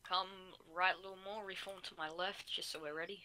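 A man's voice: high voice, steady tone, a little fast, a crowd in the background. An Australian man commanding his line over game voice chat, giving urgent, swearing orders through a headset. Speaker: line battle officer.

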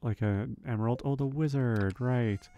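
A man's voice: medium pitch, moderate pace, mellow, dull audio. A man casually commenting on a farming game as he plays, thinking aloud with frequent ums and questions to himself. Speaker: let's play host.

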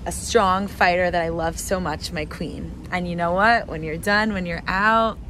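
A woman's voice: lowish voice, steady tone, unhurried, a bit bright. A woman sending an affectionate message, recorded from a distance with hiss.

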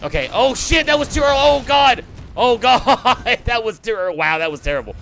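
Excitable gamer yelping at the screen. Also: male voice, very high-pitched, moderate pace, gravelly, slight background noise. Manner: excitable, swears and yelps at the game. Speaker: gameplay commentator. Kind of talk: let's play commentary.

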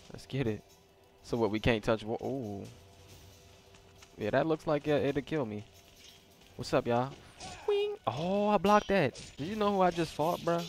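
A man's voice: a little high, sing-song, measured pace, long pauses, faint music behind. A man giving casual let's-play commentary, reacting to gameplay with slangy jokes.

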